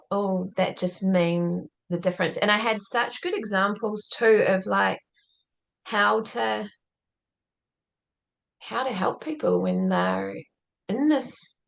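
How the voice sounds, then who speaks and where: Woman guest on a podcast, lots of fry in her voice, earnest reflective storytelling, says like a lot. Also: medium pitch, fairly even intonation, slow pace, pauses often. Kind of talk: conversational interview storytelling.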